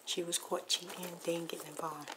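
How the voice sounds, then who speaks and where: A woman with a fairly low, flat voice talks briskly through a whispered ASMR storytime about her neighbor, eating popcorn near the mic. She rambles and gossips, slipping between whisper and soft speech against a noisy background.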